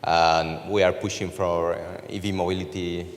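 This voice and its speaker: A man with a Spanish accent speaks as a panelist, hesitating often but sounding eager. His voice is very low. A long hall reverb trails his words. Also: little pitch movement, normal speed, slight background noise. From Spain. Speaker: company manager, panelist. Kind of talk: conference panel answer. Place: conference stage in a large hall.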